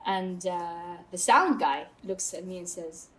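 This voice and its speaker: Outspoken Saudi woman, emphatic podcast guest. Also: lowish voice. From Saudi Arabia. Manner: outspoken and emphatic, quick asides. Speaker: guest, mountaineer. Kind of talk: candid podcast interview.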